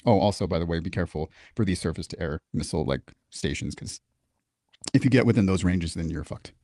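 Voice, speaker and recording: A man with a somewhat low voice tells a story from his service as a guest on a talk show. He swears freely and acts out the people in it. The sound is dry and close. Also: brisk, dry recording. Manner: profane, animated, acts out quoted dialogue. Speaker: guest, military veteran. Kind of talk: casual storytelling in a podcast interview.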